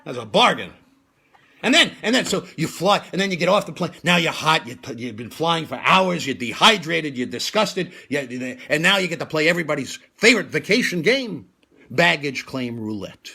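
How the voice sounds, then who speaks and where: A man's voice: fairly high pitch, sing-song, moderate pace, gravelly, sharp tone, slightly rough. A man, hosting a comedy show and delivering a stand-up routine with punchy timing. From New York. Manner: punchy joke delivery, laughing at own lines. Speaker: comedian host. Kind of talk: stand-up routine on a live stream.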